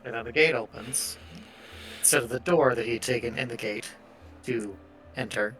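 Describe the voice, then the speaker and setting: A man narrating a tabletop game as game master, relaxed and hesitant, with frequent fillers. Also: medium pitch, normal speed, soft background music.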